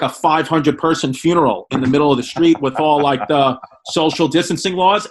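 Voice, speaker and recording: Casting: New York male co-host, animated and profane, slightly high voice. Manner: animated, swearing, excitable. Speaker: podcast co-host. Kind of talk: casual podcast chat.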